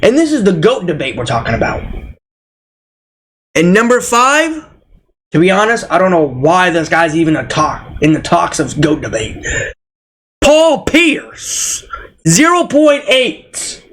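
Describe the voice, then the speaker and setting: A man's voice: a little high, very animated, moderate pace, long pauses, a bit bright, slight background noise, rough recording. A young man ranting casually about basketball, teasing and laughing often, with frequent repeated words. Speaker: sports vlogger.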